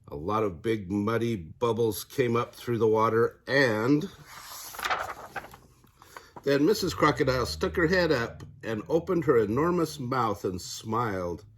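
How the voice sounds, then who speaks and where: An older man, a grandfather, narrating a children's picture book aloud in a gentle storyteller manner. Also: mid-range voice, animated, measured pace.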